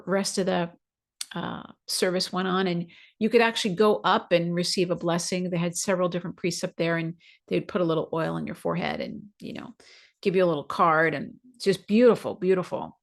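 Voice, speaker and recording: Speaking briskly in a lowish voice with lively intonation, a woman hosts a podcast and shares a personal story in chatty fashion. She acts out what she was thinking as little quoted asides.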